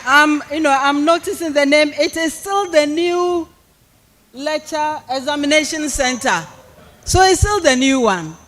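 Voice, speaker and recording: High-voiced Ghanaian man giving a speech. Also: measured pace, fairly bright tone. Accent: Ghanaian English. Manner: emphatic, repetitive oratorical phrasing. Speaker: speaker at a university policy lecture. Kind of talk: public speech and reading of a prepared address.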